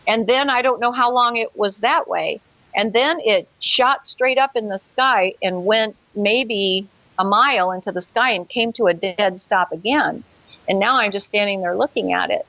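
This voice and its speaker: A woman's voice: mid-range voice, moderate pace, pushed and bright, no echo, highs cut off. A woman telling her own experience as a guest in an interview, earnest, acting out her past thoughts. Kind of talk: personal account in an interview.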